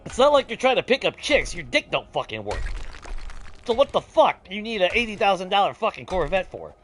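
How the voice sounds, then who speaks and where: Over faint background music, this man talks briskly in a high voice as he games. His streamer chatter is a profane, animated rant full of heavy swearing and laughter.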